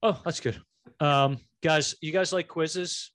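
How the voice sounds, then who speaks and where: A man hosting a casual movie podcast, animated and joking, leading the others into a quiz. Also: a little high, no room sound. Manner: animated, quick jokes, runs the quiz segment. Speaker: podcast host.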